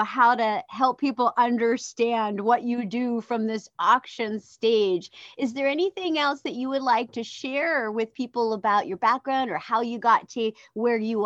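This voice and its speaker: Peppy woman host, bit high voice, dull lo-fi dry mic. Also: unhurried, hardly any pauses, no echo. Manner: enthusiastic, upbeat. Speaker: podcast host. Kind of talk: interview hosting.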